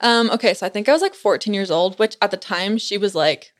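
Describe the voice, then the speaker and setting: A woman's voice: medium pitch, fairly quick. Giggly young woman telling a story. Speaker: guest. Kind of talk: casual chat.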